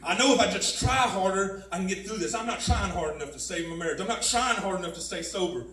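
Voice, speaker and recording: Speaking quickly in a high, fairly bright voice, this man shares his personal testimony at a mission in a casual, conversational way. "Man" and "you know what I mean" come up again and again. The mic sits far from him in the spacious chapel hall, which adds echo.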